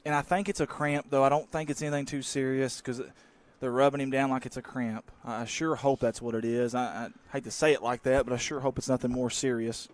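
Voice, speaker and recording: A man calling a local high school football game, folksy and excitable, bursting into shouts on big plays. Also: a little fast. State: out of breath. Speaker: play-by-play announcer.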